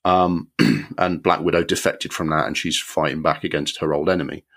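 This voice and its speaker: A man co-hosts a film podcast in a relaxed, chatty way. His voice sits very low and deep. He is opinionated and rambles, often restarting his sentences. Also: moderate pace, vocal fry. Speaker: podcast co-host. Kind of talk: casual film review chat.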